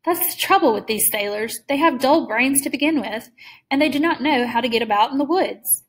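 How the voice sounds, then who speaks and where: Lady doing a smooth old general, polite and creepy, fairly high voice, storybook reading. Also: animated, brisk. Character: suave menacing older male general, courtly host.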